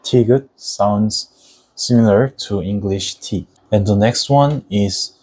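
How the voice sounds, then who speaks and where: Teaching the Korean alphabet, a young man who speaks Korean as his first language goes through the material with patient deliberation, saying Korean words slowly as examples. His voice is lowish, a little mellow and slightly rough, and the audio is poor.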